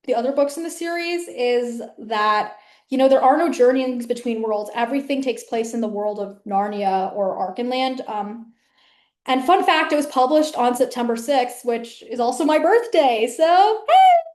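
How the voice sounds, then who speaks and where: A woman hosts her own video, rambling casually to camera with lots of fillers and restarts. Her voice is fairly high and darkish in tone at a normal speed, and the room is echoey.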